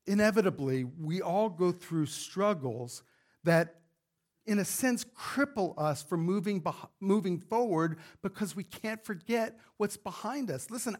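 A male pastor preaching a fervent sermon to his congregation, building to emphatic rhetorical questions. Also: high-pitched. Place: church sanctuary with congregation.

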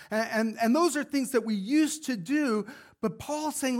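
A man's voice: extremely high pitch, moderate pace. A male pastor preaching a fervent sermon to his congregation, building to emphatic rhetorical questions. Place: church sanctuary with congregation.

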